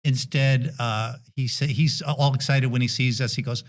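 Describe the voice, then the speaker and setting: A middle-aged man with a Brooklyn accent, a podcast guest telling a story in a relaxed, gentle way with many hesitations. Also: mid-range voice, unhurried. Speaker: guest dentist and endurance athlete.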